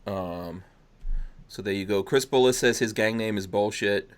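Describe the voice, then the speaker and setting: A man's voice: fairly low pitch, moderate pace. A man hosting a casual podcast, reading viewer comments aloud in an easygoing way. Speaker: podcast host. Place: podcast studio.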